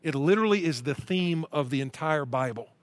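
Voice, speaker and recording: A man's voice: on the high side, animated, brisk, no room sound. A middle-aged male pastor preaching a sermon, reading scripture aloud with earnest emphasis.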